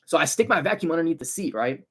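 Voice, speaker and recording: A man's voice: a little high, fast talker, husky. Slangy young man telling stories on a livestream. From San Francisco Bay Area. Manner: loose slangy street talk, lively and animated. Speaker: car detailing business owner, livestream host. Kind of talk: casual livestream storytelling.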